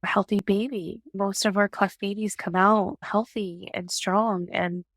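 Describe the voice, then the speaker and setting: A woman's voice: medium pitch, steady tone, a little slow, no room sound, studio quality. A young adult woman, a guest, telling her story in a casual interview and acting out the exchanges she quotes. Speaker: guest, parent advocate.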